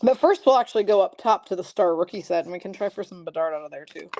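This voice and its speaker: A woman's voice: fairly low pitch, lively intonation, fast talker, a little mellow, no echo. A woman hosting a live hockey card break, reading out pulls and chatting with viewers. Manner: chatty, reads card names and viewer comments. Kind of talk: casual live stream chat.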